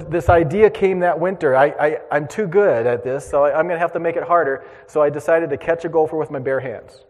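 A man preaching, telling a lively childhood story to his congregation and drawing a lesson from it. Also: mid-range voice, long reverb tail. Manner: animated storyteller, acts out voices and shouts. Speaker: pastor. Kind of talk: storytelling sermon.

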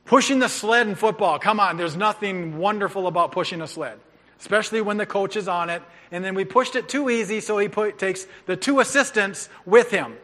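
Middle-aged male pastor, high voice, coach-style urging sermon, echoing sanctuary. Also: brisk. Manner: energetic, coach-like urging and joking. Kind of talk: sermon with storytelling. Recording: long reverb of a large hall.

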